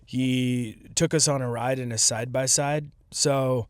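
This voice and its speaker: A man hosting his own podcast, chatting alone in a loose, joking way at a medium pitch. He rambles, trails off and restarts his sentences as he goes. The recording is dry and close, with no room sound. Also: steady tone, measured pace, dry recording. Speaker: podcast host. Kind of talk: casual solo commentary.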